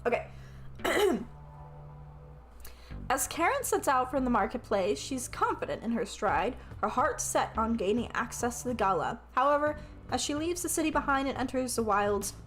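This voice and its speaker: A woman's voice: sits high, big pitch swings, moderate pace, fairly bright tone. A woman streaming a tabletop-style game, reading the narration aloud, swearing often, laughing and asking how to pronounce words. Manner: swears often, laughs, questions her own pronunciation. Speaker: streamer playing a game with an AI game master.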